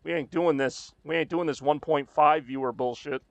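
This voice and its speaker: A man voicing a gruff old Southern prospector with a Southern accent, drawling and scornful. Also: fairly high pitch, fairly even intonation, moderate pace, dry recording.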